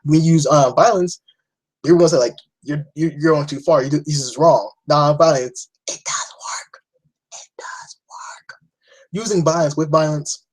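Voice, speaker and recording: Young guy vlogging, husky voice pitched a bit high, rambly and blunt, swears a lot. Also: a little mellow, rough recording. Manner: rambling, blunt, swears often, frequent restarts. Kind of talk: casual opinion rant.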